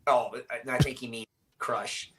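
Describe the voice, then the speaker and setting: A man runs a live podcast chat in a bright, forward voice. He rambles and keeps restarting his sentences as he works toward his point. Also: mid-range voice, steady tone, a little hiss or hum, low-quality recording. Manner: rambling, halting, many restarts. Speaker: podcast host.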